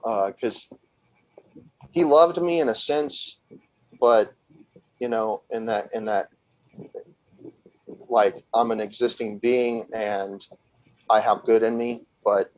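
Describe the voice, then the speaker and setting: A man's voice: lowish voice, slow, long pauses. A man talking as a podcast guest, telling a long story in a rambling, casual way with many restarts. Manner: rambling, with frequent restarts and laughs, acting out quoted voices. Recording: slightly dull lo-fi sound.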